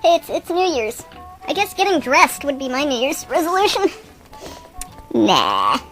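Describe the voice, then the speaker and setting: A woman's voice: high-pitched, animated, fairly quick, fairly bright tone, faint music behind. A woman hosting an improvised comedy radio show, talking in a casual, rambling, playful way.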